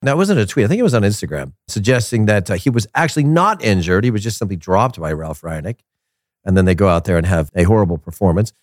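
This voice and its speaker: A man hosting a casual soccer commentary show, opinionated and animated, repeating his points for emphasis. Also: fairly low pitch, quick pace, no room sound, clean studio sound. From United States.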